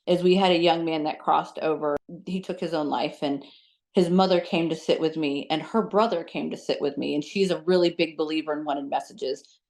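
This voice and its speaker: Chatty, low-voiced woman telling stories. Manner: animated, chatty, uses many fillers like "like" and "um". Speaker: psychic medium and guest. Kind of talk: casual storytelling in an interview.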